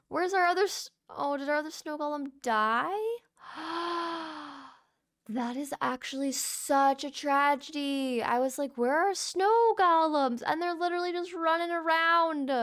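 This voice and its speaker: A young woman giving relaxed, chatty commentary over her gameplay, easily surprised and cooing at the animals. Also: high voice. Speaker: gaming channel host. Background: soft background music.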